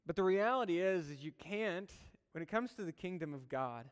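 A man's voice: high-pitched, smooth. A male pastor preaching a sermon, earnest and conversational, with humorous personal asides. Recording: long hall reverb.

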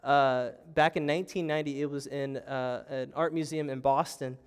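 A man's voice: mid-range voice, steady tone, moderate pace, clean tone. A young adult man preaching a sermon as pastor, telling the story with animation and acting out panicked voices. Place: church sanctuary.

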